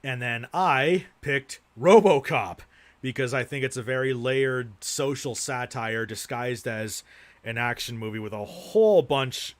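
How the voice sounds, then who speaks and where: A young man streaming casually, talking through his film shelf in a loose, rambling way. He swears constantly and drifts into rants before catching himself. His pitch sits in an ordinary middle range for a man. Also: fairly bright tone. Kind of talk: casual livestream chat.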